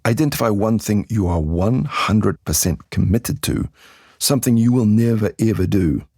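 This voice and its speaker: A man teaching an English lesson, saying model sentences slowly and deliberately, then repeating them for learners to copy. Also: fairly low pitch, animated, mellow, breathy edge, dry recording, clean studio sound. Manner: coaching, gives tips and drills to the listener. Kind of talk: language lesson podcast.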